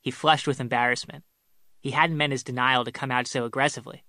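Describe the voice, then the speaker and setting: A man reads a comic short story aloud with a wry, measured delivery. His voice is bright and forward, recorded close on a dry mic with no room around it. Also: mid-range voice, fairly even intonation, no room sound. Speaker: narrator. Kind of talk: storytelling narration.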